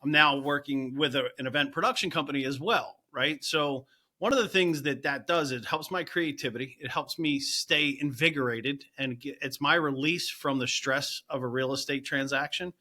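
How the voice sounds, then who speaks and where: A middle-aged man working as a real estate agent, a podcast guest talking in energetic bursts full of "you know" and "right?". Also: medium pitch, moderate pace. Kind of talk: casual interview chat.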